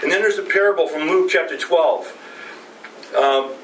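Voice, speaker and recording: Speaking at an ordinary pace, this middle-aged pastor gives a relaxed, chatty sermon full of rhetorical questions. His fairly bright voice runs a little higher than typical for a man. Captured from a distance, he echoes through a spacious sanctuary over faint background noise.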